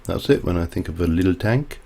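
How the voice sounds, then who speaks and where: Low-pitched and mellow with vocal fry, this man sounds animated and brisk. He's a livestreamer doing casual gameplay commentary, chatty and prone to rambling off on tangents mid-task.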